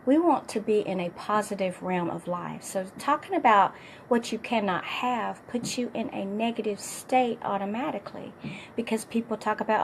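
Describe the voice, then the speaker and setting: A middle-aged woman fitness coach with a hoarse, partly lost voice, giving an upbeat, encouraging motivational talk to her viewers. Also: medium pitch, moderate pace, slight background noise.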